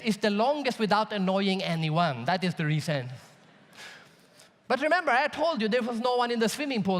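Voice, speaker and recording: A man from Sweden delivers a keynote in a large conference hall, his voice high and swooping as he tells an animated story. He throws questions out to the crowd, and his words ring with the long reverb of the big room. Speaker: keynote speaker.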